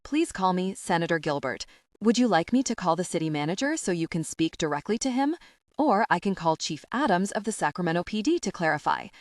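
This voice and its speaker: A woman's voice: lowish voice, sing-song, a little fast, no room sound, clean studio sound. A woman voicing a poised woman state senator in an audiobook, speaking politely but with firm authority.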